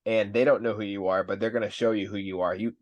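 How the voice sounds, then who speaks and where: A low-voiced man hosts a podcast with easy, upbeat chat. He encourages his guest and swears casually. The room sounds dry and close to the mic. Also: fairly even intonation, fast talker, no echo, highs cut off. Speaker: podcast host.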